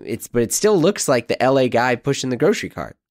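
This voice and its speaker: A man's voice: mid-range voice, very animated, quick pace, darkish tone, dry recording, clean studio sound. A man hosting a podcast, introducing his guest and chatting in an easygoing, riffing way. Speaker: podcast host. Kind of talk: podcast interview.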